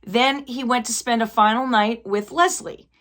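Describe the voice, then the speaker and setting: A woman chatting casually as she recaps a TV finale, slipping into quick quoted lines as she retells the scenes. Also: on the high side, fairly bright tone. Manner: chatty, acts out quotes in passing. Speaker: TV recap vlogger.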